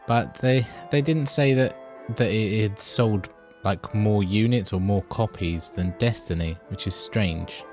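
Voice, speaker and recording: A man's voice: lowish voice, unhurried, few pauses, darkish tone, faint music behind. A man co-hosting a casual gaming podcast, laid-back and easily amused, with casual swearing. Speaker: podcast co-host. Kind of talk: casual gaming news chat.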